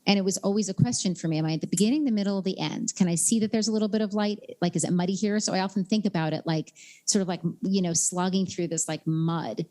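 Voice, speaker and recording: A woman in her fifties from New York, a guest author talking earnestly and candidly in an interview, often in quick bursts with many "like" fillers. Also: medium pitch, fairly even intonation, warm tone. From New York, USA. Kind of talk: reflective interview conversation.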